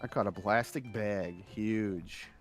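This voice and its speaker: A man's voice: lowish voice, slow pace, soft background music. A man joking around in a casual voice chat with friends, with a laid-back manner. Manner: laid-back, jokey, says bro.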